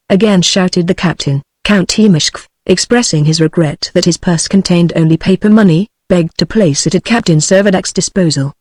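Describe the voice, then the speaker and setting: A text-to-speech woman's voice with a British accent reads a novel aloud in a steady, even way. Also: fairly low pitch, normal speed, no room sound. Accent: British English. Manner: steady, even synthetic read-aloud delivery. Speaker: audiobook narrator. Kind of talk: text-to-speech audiobook reading.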